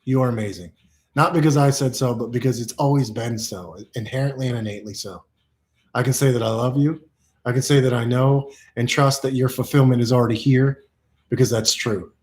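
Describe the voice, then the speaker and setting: A man's voice: mid-range voice, steady tone, fairly quick, a little mellow. A man giving playful, repetitive self-help affirmations to camera, exuberant and goofy, laughing often.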